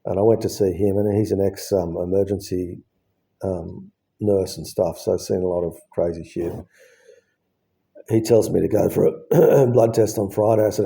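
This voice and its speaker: A man in his fifties bluntly recounts his heart surgery, swearing freely and acting out both sides of conversations. His voice is low, warm and creaky, with fairly even intonation at a moderate pace.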